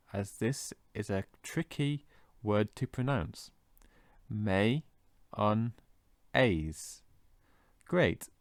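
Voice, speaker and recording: A man teaching English vocabulary in a scripted lesson, slowly and carefully modelling how each word is pronounced. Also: medium pitch, creaky, a little mellow, no echo. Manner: slow, careful modelling of pronunciation.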